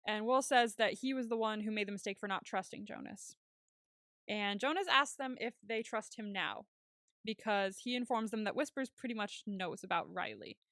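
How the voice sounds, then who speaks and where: A woman's voice: medium pitch, moderate pace, a bit bright, dry recording. Chatty woman podcast host, dry sound. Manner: chatty, laughs often, casual swearing. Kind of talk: casual TV recap chat.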